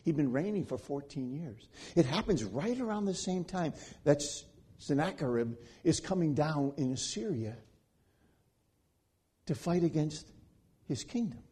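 A man preaching a sermon, swinging between loud pleading passages and hushed, quiet stretches. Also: fairly high pitch, lively intonation, measured pace, breathy edge.

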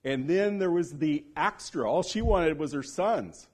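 A man preaching a sermon, telling a story with lively acted-out quotes and dropping to a hushed low voice on solemn points. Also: measured pace. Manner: animated storyteller who acts out quoted speech.

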